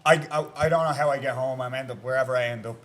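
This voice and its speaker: A man's voice: medium pitch, fast, fairly bright tone. A man telling rambling bar stories in a casual podcast chat, full of restarts and filler words. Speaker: podcast guest.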